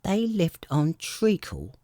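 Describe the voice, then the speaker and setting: Man voicing the Dormouse, hoarse and drowsy. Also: high voice, huge pitch swings, warm tone, dry recording, clean studio sound, pitched above the performer's own voice, heavily acted. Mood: drowsy sulky. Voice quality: hoarse, feeble. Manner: slow, drowsy, indignant. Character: sleepy, sulky little male dormouse.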